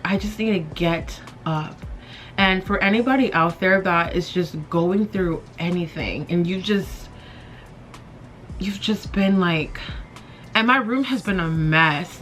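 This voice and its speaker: A woman's voice: fairly low pitch, a bit bright. A woman in her twenties chatting candidly in her bedroom while doing her makeup, rambling with lots of fillers. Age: 20s. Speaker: beauty vlogger.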